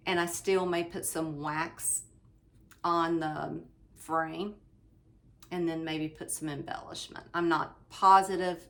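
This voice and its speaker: A woman with a lowish voice talks slowly and informally to her viewers, showing off her latest projects. She meanders through her thoughts with frequent ums and small restarts, calling her audience "you all" like old friends. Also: fairly bright tone. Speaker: cross-stitch channel host. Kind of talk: casual show-and-tell chat. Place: indoors at home, fan running.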